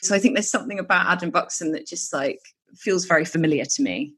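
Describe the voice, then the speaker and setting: A woman's voice: fairly low pitch, fast talker, fairly bright tone, husky. A woman in her thirties, a writer being interviewed, speaking in a chatty, frank and self-deprecating way. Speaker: guest, writer and podcaster. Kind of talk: candid interview talk.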